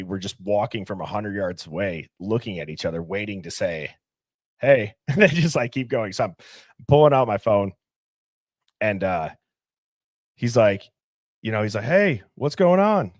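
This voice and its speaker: A man's voice: lowish voice, a little fast, dry recording, studio quality. A young man hosting a livestream, talking casually and animatedly, firing off rhetorical questions. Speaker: livestream host.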